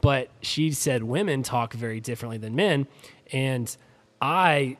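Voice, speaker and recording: A man in casual podcast talk, his voice sitting at an ordinary middle pitch. He rambles through fillers and restarts. His phrases often sink in volume toward their ends. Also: normal speed. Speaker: podcast co-host.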